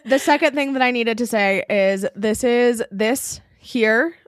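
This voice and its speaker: Blunt, heated woman podcaster with a bright voice. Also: on the high side, a little slow, dry recording, clean studio sound. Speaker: podcast co-host. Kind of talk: casual chat.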